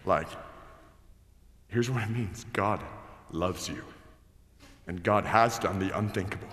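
Pastor preaching in an echoey church. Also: male voice, low voice, slow, pauses often. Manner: builds from hushed scripture reading to loud excited storytelling. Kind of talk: sermon. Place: large church hall. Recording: echoey hall reverb.

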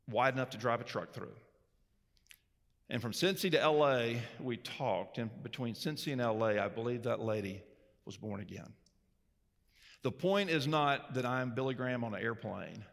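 A man who is a Baptist pastor, preaching a sermon with emphatic swings between loud, raised declarations and quiet, low storytelling. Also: normal speed, pauses often. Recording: long reverb of a large hall.

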